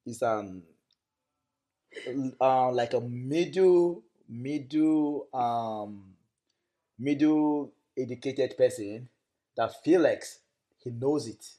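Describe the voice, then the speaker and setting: A man, a content creator chatting as a guest in a relaxed, rambling way with many fillers. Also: mid-range voice, drawn-out words, long pauses. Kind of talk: casual interview talk.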